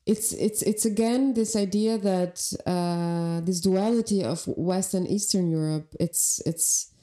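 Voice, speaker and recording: A woman's voice: fairly low pitch, fairly even intonation, slow pace, mellow. A woman from Albania, a podcast guest talking reflectively and thinking aloud. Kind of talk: conversational interview.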